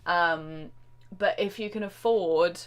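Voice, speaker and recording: Woman, drum teacher, live-stream Q&A, casual chat, lowish pitch, excitable, lots of fillers. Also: slow pace. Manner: chatty and excitable, with frequent fillers and self-interruptions.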